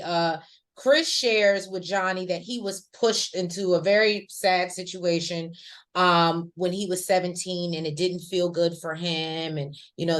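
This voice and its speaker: A woman co-hosting a casual recap chat, talking in a chatty, slangy way with lively asides. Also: lowish voice. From rural American South. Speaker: podcast co-host.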